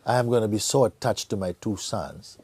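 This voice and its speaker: A man acts out a devout, self-absorbed father in a spoken parable, fixated on his final thought. The voice sits low and husky. It is unhurried, and its pitch rises and falls a lot. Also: animated, a little mellow. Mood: self-satisfied. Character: anxious devout father, later dying, obsessed with his last thought.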